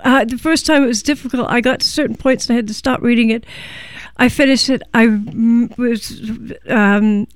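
A woman hosting a community radio show, interviewing a guest and pitching a membership drive, speaking haltingly with many fillers and pauses. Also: steady tone, dry recording.

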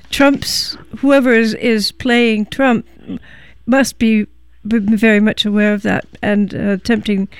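A woman hosting a community radio show, interviewing a guest and pitching a membership drive, speaking haltingly with many fillers and pauses. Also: clear, resonant tone, dry recording.

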